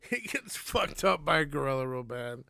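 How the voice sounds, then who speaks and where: Gravelly, laughing podcast co-host man. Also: on the high side, very animated, bright, forceful tone, no echo, clean studio sound. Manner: profane, laughs constantly, slow drawl. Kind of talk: casual movie recap chat.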